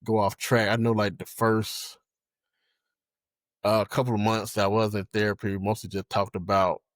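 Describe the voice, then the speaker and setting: A young man chatting as a podcast guest, halting and full of fillers and restarts. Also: on the low side, level tone, no room sound, clean studio sound. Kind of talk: casual conversation.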